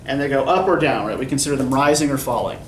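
Speaking quickly in a mid-range voice, a male college English instructor walks his poetry students through the material, checking in with a habitual "right?". The lecture was recorded far away in an echoey classroom, and faint noise is audible.

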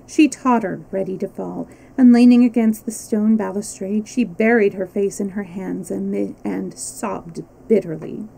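A woman storyteller reading a classic novel aloud on a live stream, expressive, with small slips and restarts. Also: mid-range voice, gravelly, slightly rough, poor audio.

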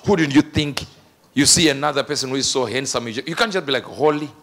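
A man preaching an energetic sermon, animated, laughing often and breaking into shouts. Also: mid-range voice, quick pace.

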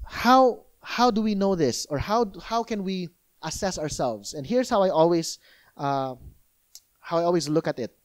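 Male pastor, high-voiced, animated conversational preaching. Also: normal speed. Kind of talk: sermon. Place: church.

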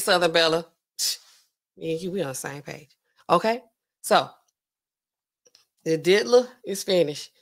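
At a measured pace with long pauses, a woman with a fairly low voice runs a casual livestream as a pharmacist. She's chatty and animated, chatting loosely with features, reading and responding to viewer comments, laughing often, and her voice swings widely as she reacts.

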